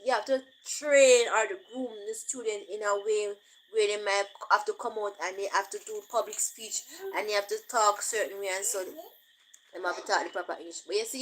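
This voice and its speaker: A Jamaican woman talks in a loose, chatty monologue. Her voice sits high and sounds bright and clear. She drifts between plain English and patois and laughs as she goes. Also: slight background noise, poor audio. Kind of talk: casual monologue.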